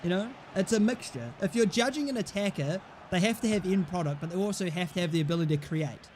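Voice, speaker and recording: High-voiced young man, blunt and mocking. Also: fast talker, a little mellow, slight background noise. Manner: blunt, mocking, swears freely. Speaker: gaming streamer. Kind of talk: casual football game commentary.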